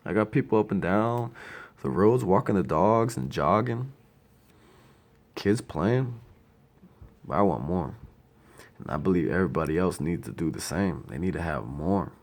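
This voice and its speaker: Brief: man in his thirties, very low gravelly voice, lively swings in pitch, blunt profane storyteller. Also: moderate pace, pauses often. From Ohio. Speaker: grieving older brother. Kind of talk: personal tribute monologue.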